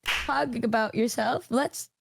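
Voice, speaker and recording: A woman streamer chatting casually with a friend, animated and playful, with frequent swearing. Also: on the high side, measured pace, creaky, background noise.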